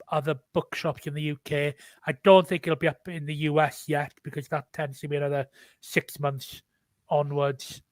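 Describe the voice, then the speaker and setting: A man's voice: on the high side, fairly bright tone, no room sound. A man with a Welsh accent, the guest author in a casual online chat, talking candidly with many restarts.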